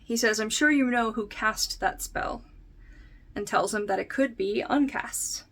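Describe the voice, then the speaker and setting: A woman's voice: fairly high pitch, a little slow, fairly bright tone. Chatty young woman recapping a book. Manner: chatty, filler-heavy, laughs often, reads book passages aloud. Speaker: book reviewer. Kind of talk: casual book-versus-show recap.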